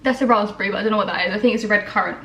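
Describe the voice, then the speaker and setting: A woman's voice: mid-range voice, rapid-fire, gravelly, noisy background. A young woman chatting casually through her day, laughing often and poking fun at herself. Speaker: vlogger. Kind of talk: casual chat. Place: home kitchen. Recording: echoey kitchen with clatter.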